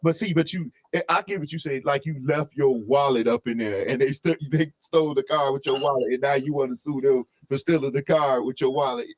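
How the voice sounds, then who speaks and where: A man co-hosting a casual album review, talking in an opinionated, animated way full of asides and restarts. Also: medium pitch, a little fast, hardly any pauses, a little hiss or hum.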